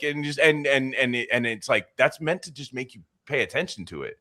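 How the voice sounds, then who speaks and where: A man hosting a podcast in casual, crude banter, rambling and swearing, now and then mocking accents in a high put-on voice. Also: fast talker, few pauses, bright, forceful tone. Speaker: podcast host.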